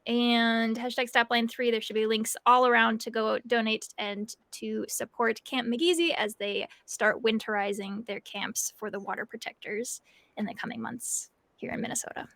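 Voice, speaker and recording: A woman's voice: fairly high pitch, fairly even intonation, moderate pace, fairly bright tone, dry recording. A woman tabletop player who chats casually and upbeat, with a lot of fillers, as she plugs her projects. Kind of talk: casual chat.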